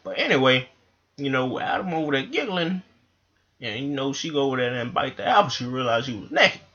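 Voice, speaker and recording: A man's voice: medium pitch, sing-song, brisk, sharp tone, lo-fi sound. A man telling a rambling, profane comic story into a microphone. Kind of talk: comedic monologue.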